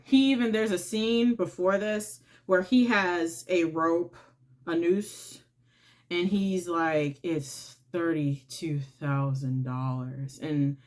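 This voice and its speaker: A woman's voice: on the low side, takes it slowly. A woman hosting her own channel, casually retelling a film's plot in a chatty, informal way. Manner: chatty, informal, retells scenes by acting out lines. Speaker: movie reviewer and channel host. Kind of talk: casual movie recap.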